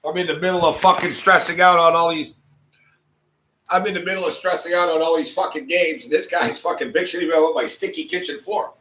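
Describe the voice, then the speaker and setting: A male sports talk host tells a story in a casual, exasperated rant. He swears freely and laughs often as he talks. His voice sits a little higher than most men's. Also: steady tone, brisk, sharp tone. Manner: profane, exasperated ranting with frequent laughs.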